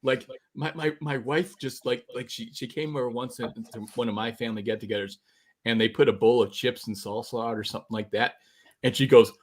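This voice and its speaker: A man's voice: mid-range voice, steady tone, brisk. A middle-aged man in casual chat, rambling through stories with restarts and laughs.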